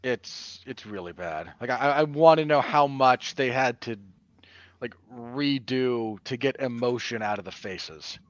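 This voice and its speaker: A man's voice: mid-range voice, measured pace, no echo, muffled recording. A man co-hosting a casual film review podcast, arguing his points bluntly and critically. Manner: animated, bluntly critical, argumentative.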